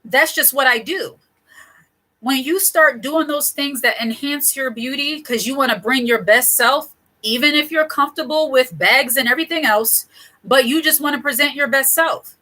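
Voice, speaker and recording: Middle-aged woman host, chatty and digressive, bright higher voice, casual advice to camera. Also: normal speed, low-quality recording. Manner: chatty, digressive, laughs often. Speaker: channel host.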